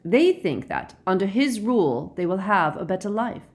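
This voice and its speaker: Woman voicing a weary, gentle werewolf man. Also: medium pitch, very animated, voice pushed up. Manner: measured, gentle, reasoning. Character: calm weary middle-aged male werewolf teacher. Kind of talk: audiobook character reading.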